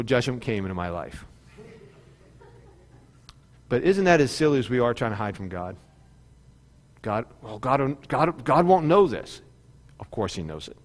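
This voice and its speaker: A man's voice: mid-range voice, big-room sound. A man preaching a sermon, building to fervent peaks and then easing into storytelling. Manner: preaching with rising fervor and repetition. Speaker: pastor.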